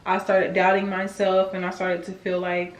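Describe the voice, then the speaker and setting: A woman's voice: mid-range voice, completely flat delivery, moderate pace, echoey room. A woman in her twenties talking candidly in a personal vlog, emotional and self-encouraging. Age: 20s. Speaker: vlogger.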